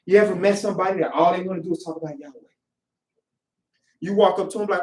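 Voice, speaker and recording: A man preaching a sermon, animated, acting out the people he describes in quoted voices and shouting at times. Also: high voice, fast talker, long pauses. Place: worship hall. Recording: echoey room, voice from a distance.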